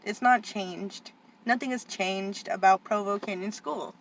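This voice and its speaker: Young woman venting on a vlog, mid-pitched voice, lots of "like" and "you know", fired up. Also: measured pace, a little hiss or hum. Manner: frustrated, ranting, constant "like" and "you know". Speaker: vlogger, aunt of a boarding-school student. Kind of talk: casual heated monologue.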